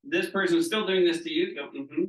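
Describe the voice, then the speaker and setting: Slightly high in pitch and moving at a moderate pace, this man from Southeast Florida is teaching a training group. He acts out the people he describes and asks "right?" again and again. Expect echo and a far-off microphone.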